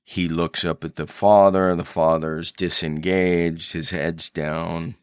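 Podcast host, man, deep unhurried voice, earnest storyteller, close dry mic. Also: little pitch movement, clear, resonant tone, no echo. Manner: earnest storyteller, thinking aloud with restarts. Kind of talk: reflective solo podcast talk.

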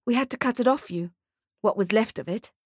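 A man's voice: sits high, brisk, breathy edge, dry recording, studio quality. A woman voicing a blustering, emphatic male mall manager in an audiobook.

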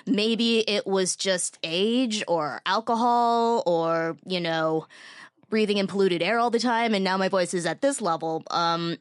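A woman's voice: mid-range voice, a little slow, clean tone, no echo. Thoughtful woman explaining in a dry studio. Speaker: podcast guest, journalist. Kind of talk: casual panel chat.

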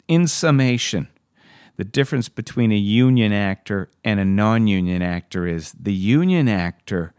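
A man's voice: on the low side, darkish tone, smooth, no echo, clean studio sound. A man hosting a podcast, giving passionate, opinionated advice to listeners. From Canada. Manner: passionate, ranting, emphatic. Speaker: podcast host answering listener questions.

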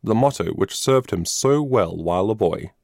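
Low gravelly male storybook narrator. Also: lively intonation, normal speed, darkish tone, no echo, clean studio sound. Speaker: audiobook narrator.

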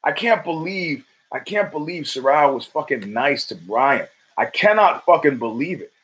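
A man's voice: on the high side, expressive, normal speed, fairly bright tone, poor audio. Profane, rambling male podcast host. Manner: profane, rambling storytelling with frequent restarts. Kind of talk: casual monologue.

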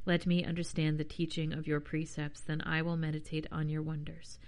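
A woman podcast host reading scripture aloud in a plain, unhurried voice, breaking off now and then for chatty, self-deprecating asides. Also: sits low, completely flat delivery, darkish tone.

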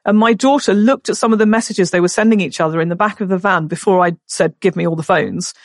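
A woman's voice: on the low side, fast, no echo, studio quality. A middle-aged woman, a podcast guest who tells a story and acts out the voices in it. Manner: animated, acts out the voices in her stories.

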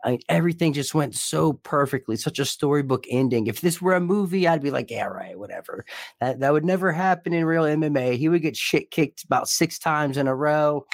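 A man's voice: on the high side, fairly quick, few pauses, no room sound. A young man co-hosting a podcast, talking earnestly and emotionally, swearing casually. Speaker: podcast co-host.

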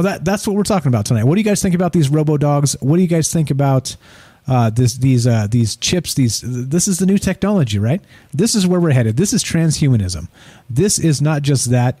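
A middle-aged man hosting a live call-in show, talking quickly and rambling with lots of fillers. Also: mid-range voice, dark tone, no room sound. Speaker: podcast host.

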